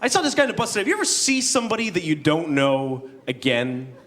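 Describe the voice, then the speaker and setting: A man doing a stand-up comedy set on a theater stage, telling rambling deadpan stories and jumping into high, loud voices for the people in them. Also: fast talker. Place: large theater stage before a live audience. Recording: noisy live theater recording with crowd. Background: audience laughter.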